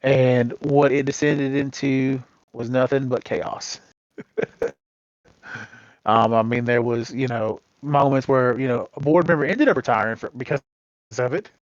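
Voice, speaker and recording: A man of middle pitch tells stories from his gaming community in a loose, rambling way, circling back with lots of fillers. The recording is dull and lo-fi with a very dry, close sound. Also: a little slow, no room sound. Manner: rambling anecdotes with many fillers and restarts. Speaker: interview guest, gaming community leader. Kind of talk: casual storytelling interview.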